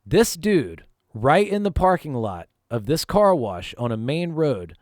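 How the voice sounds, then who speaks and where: Storytime vlogger from North Carolina, animated pitch, casual and swearing, dry close sound. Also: male voice, measured pace, no room sound. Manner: profane, conversational, emphatic. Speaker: vlog host telling a personal story.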